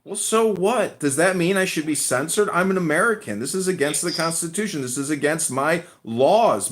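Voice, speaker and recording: A man calling in to a livestream, ranting in a deliberately annoying, trolling way. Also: on the high side, expressive. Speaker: call-in guest. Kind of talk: provocative livestream rant.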